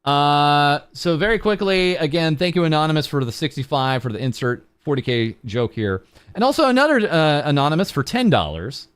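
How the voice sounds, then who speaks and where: Young guy vtuber rambling on stream, bouncy up-and-down voice, smooth and dry sounding. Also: on the high side, big pitch swings, fairly quick, fairly bright tone, no echo. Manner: rambling, self-mocking, with lots of ums and uhs. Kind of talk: casual charity livestream chat.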